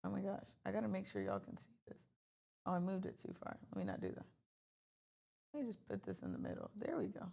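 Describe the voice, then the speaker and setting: A woman streaming live from her desk, chatting away as she walks viewers through charts. She talks in an animated, easygoing way into a computer mic and reacts to her audience as she goes. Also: mid-range voice, quick pace, creaky. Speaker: trading livestream host. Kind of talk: casual livestream chat.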